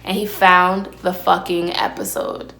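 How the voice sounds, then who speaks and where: A young woman hosts her own podcast, telling stories in a brash, profane, casual way while eating. Her lowish voice barely moves in pitch, with a measured pace, some creak and a fairly bright tone. It's recorded on a phone camera with a ring light in a room with noticeable echo.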